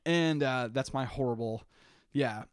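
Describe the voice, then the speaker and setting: A man's voice: medium pitch, a little slow, dry recording. A man co-hosting a podcast in casual chat, telling a story with animation and frequent laughter. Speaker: podcast co-host.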